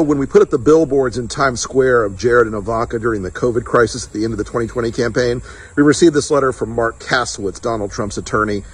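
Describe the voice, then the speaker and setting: A man with a husky voice delivering a defiant, profane video message full of taunting, punchy repetition. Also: mid-range voice, low-quality recording. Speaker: political strategist in a played clip.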